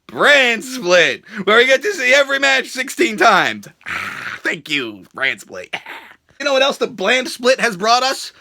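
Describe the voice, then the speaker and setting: A young man with a very high, bright and gravelly voice hosts a ranting review show. He mocks and swears freely, his pitch swinging widely as he shouts now and then. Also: very animated, a little slow. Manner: crude, sarcastic, mocking, shouts. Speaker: show host reviewing wrestling.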